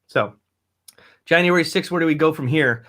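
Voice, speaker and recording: A man's voice: on the high side, normal speed, a bit bright. A man, hosting a casual live-stream podcast, rambling, cursing and laughing often as he reads out viewer comments. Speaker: podcast host.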